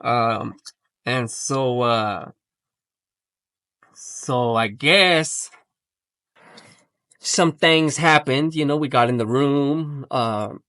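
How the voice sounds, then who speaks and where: Gravelly-voiced man telling a rambling story. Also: medium pitch, extremely slow, long pauses, sharp tone, dry recording. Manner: rambling, heavy slang and swearing, acts out quotes. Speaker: podcast storyteller. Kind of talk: casual storytelling chat.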